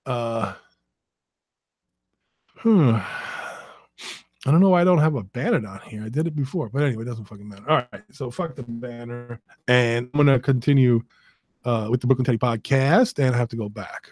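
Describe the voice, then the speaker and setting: Rambling, profane New podcast host. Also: male voice, medium pitch, normal speed, pauses often, darkish tone, no room sound, clean studio sound. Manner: rambling and profane, muttering to himself. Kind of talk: casual live-stream chat.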